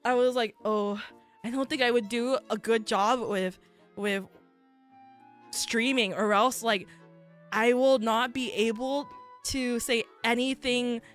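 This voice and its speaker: A woman's voice: on the high side, fairly even intonation, slow, faint music behind. A young adult woman streaming a casual chat, telling rambling stories full of fillers like "like" and laughing often. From United States. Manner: rambling storytelling with many fillers and frequent laughter. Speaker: VTuber streamer.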